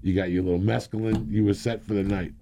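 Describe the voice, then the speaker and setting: Gravelly deep-voiced older man. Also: fast, a little hiss or hum. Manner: rambling, animated, laughs a lot. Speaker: guest. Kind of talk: casual storytelling.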